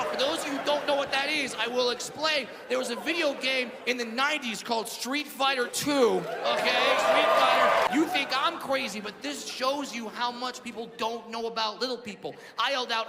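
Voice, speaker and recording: A man's voice: very high-pitched, brisk, few pauses. A man in his thirties performing a brash stand-up comedy set on stage, acting out the voices in his stories. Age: 30s. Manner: brash storytelling, acts out voices. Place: comedy stage before a live audience. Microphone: handheld stage mic. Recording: reverberant venue with loud crowd noise.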